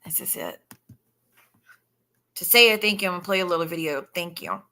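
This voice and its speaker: Woman, livestream host, casual commentary, blunt, profane, bright forceful tone. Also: lowish voice, rapid-fire. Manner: blunt and profane, chatting with viewers while scrolling. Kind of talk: casual live-stream commentary.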